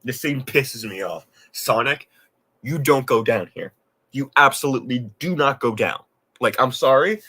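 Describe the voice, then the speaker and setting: Exasperated male reaction host: bright, forceful tone, profane rants, casual delivery. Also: mid-range voice, animated, normal speed, husky. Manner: exasperated, profane ranting with frequent laughs. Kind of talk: live reaction commentary.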